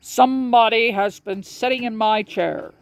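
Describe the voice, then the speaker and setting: A woman voicing a great big papa bear from a storybook, speaking in a gruff, indignant way. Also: fairly high pitch, a little slow, pitched above the performer's own voice.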